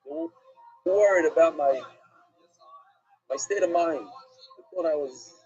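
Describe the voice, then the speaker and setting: A man, a rabbi, giving an animated Talmud class lecture, asking and answering questions with emphasis. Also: on the high side, takes it slowly. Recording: dull lo-fi recording with faint music.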